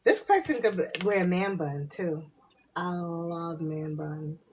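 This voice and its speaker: A woman's voice: on the low side, expressive, slow, slight background noise. A woman hosting a casual live spiritual reading, chatty and loose, laughing and swearing freely, and often slipping into muttered asides to her viewers.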